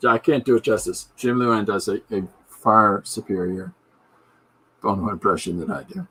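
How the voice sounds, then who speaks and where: A man with a fairly low voice who rambles through jokey asides as a podcast host. He chats casually while drawing, with a faint hiss behind him. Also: normal speed, pushed and bright. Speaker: podcast host and comic artist.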